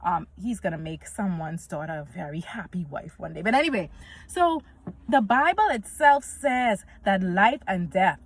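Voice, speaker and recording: A woman's voice: medium pitch, animated, moderate pace. A woman, giving an earnest, faith-filled vlog talk and quoting scripture. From Bahamas. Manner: earnest and preachy, quotes scripture, acts out little dialogues. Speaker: vlogger. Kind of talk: casual faith-based talk to camera.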